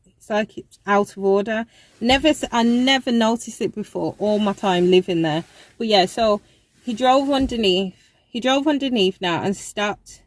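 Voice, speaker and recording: A woman's voice: mid-range voice, moderate pace, no echo, poor audio. A young woman telling a casual storytime in a chatty, rambling way, full of fillers. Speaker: vlogger.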